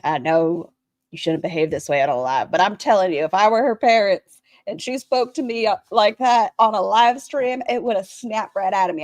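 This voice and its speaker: A woman giving blunt, crude, sarcastic commentary on a livestream she is watching, breaking into high mocking voices. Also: moderate pace, darkish tone, dry recording. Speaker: commentary streamer reacting to a livestream. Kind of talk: casual reaction commentary.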